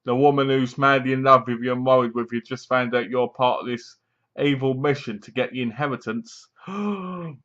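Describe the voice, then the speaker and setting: Man, casual rambling film review, acts out quotes, mid pitch, dull lo-fi home recording. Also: level tone, brisk, a bit bright. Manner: rambling, enthusiastic retelling with acted-out quotes and laughs. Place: home room, seated in a squeaky chair.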